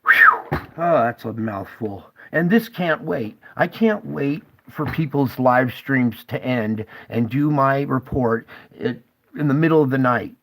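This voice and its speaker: A man's voice: mid-range voice, animated, measured pace, poor audio. A man hosting his own channel, speaking urgently and emotionally straight to his viewers, tearful at times. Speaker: channel host.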